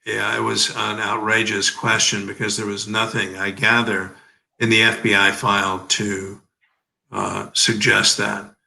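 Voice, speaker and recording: A man's voice: lowish voice, little pitch movement, unhurried, vocal fry, sharp tone, rough recording. A man in his seventies giving emphatic, oratorical legal commentary as an interview guest, leaning on rhetorical questions. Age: 70s.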